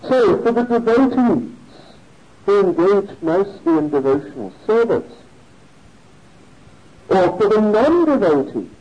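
A man tells a religious story in a sermon, animated and often chuckling. His voice is fairly high, with a very lively pitch, and he speaks slowly and mellowly. The recording sounds dull and lo-fi.

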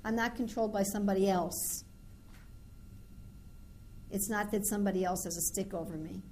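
A woman's voice: mid-range voice, normal speed, a little mellow, a little hiss or hum. A woman giving an informal scripture class, talking conversationally and acting out everyday dialogues. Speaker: spiritual teacher.

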